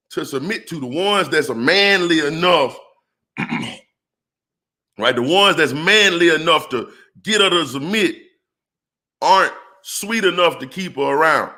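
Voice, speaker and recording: Preachy, fairly high-voiced man. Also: expressive, a little slow, pauses often, pushed and bright. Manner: preacher-like call-outs to the audience; emphatic, rhetorical questions. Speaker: relationship commentator. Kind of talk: animated monologue to viewers.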